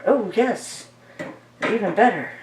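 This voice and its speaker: Lively-voiced woman coaxing her paint. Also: medium pitch, takes it slowly, distant mic, very noisy. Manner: talks to the paint, coaxing it along; playful, easily delighted. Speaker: paint pouring crafter. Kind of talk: chatty narration while working. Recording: echoey room, mic set back.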